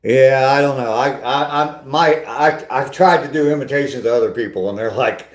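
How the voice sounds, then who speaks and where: A man's voice: medium pitch, moderate pace, echoey room. An older man hosting a casual live stream on a walk, chatting with viewers in a rambling, self-deprecating way. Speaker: vlogger reading live chat.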